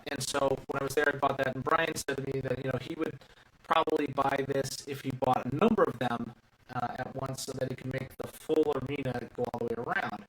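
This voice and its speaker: Rambling man in an echoey room. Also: medium pitch. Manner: rambling, thinking aloud with many fillers. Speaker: toy reviewer building a set live. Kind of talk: casual live build commentary. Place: indoor room. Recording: echoey room, mic at a distance, faint hum.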